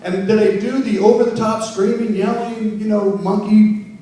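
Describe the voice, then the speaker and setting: A wedding emcee with a high-pitched, dark-toned voice teaches a live workshop in a conference room, playfully teasing his audience as he gives the seminar talk. His intonation is fairly even and his speed normal, and the recording has slight background noise, a very echoey hall sound, and a distant mic.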